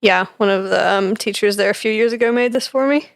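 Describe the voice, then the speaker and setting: A woman's voice: mid-range voice, brisk, vocal fry, no room sound, studio quality. A young woman co-hosting a podcast, reading through her notes in casual chat with fillers and easy laughs. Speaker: podcast co-host presenting research.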